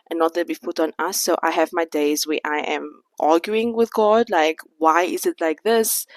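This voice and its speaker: A woman's voice: low-pitched, no room sound, rough recording. A woman in her thirties talking candidly to camera in a sit-down vlog, reflective and a little out of breath. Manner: candid, reflective, faith-centered. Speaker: vlogger.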